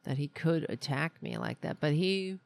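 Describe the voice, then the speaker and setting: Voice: medium pitch, moderate pace, no room sound. A podcast host in casual political talk, rambling and grumbling with lots of restarts, sounding irritable.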